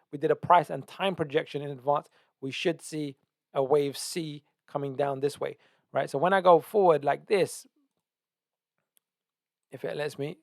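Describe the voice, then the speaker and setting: Eager male trading host, slightly high. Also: creaky, no room sound, studio quality. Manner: enthusiastic, emphatic, repeats himself and restarts often. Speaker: trading analyst and channel host. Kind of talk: casual market analysis over charts.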